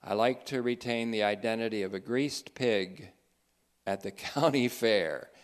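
Slow, emphatic man. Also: fairly low pitch. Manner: emphatic, sardonic, reads quotes slowly with stress. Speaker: teacher of a theology group. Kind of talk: spoken theology commentary.

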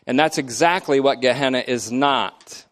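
An older man teaches a Bible study at a deliberate pace, spelling out each term one word at a time. He speaks emphatically and leans hard on key words, with pitch that rises and falls. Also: a bit bright. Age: middle-aged or older. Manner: emphatic, defines terms slowly word by word. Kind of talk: lecture-style Bible study.

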